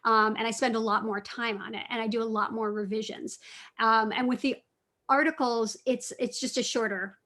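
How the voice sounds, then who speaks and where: Chatty woman author, slightly high voice. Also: normal speed. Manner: chatty, self-correcting, lively storytelling. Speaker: cookbook author and food writer. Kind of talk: casual talk answering students' questions.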